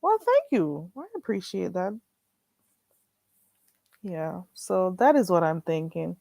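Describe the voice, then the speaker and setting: A woman hosting a live stream in casual chat, chatty, with drawn-out exclamations. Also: lowish voice, sing-song, vocal fry, warm tone, dry recording. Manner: chatty, drawn-out "ooh"s and frequent laughter.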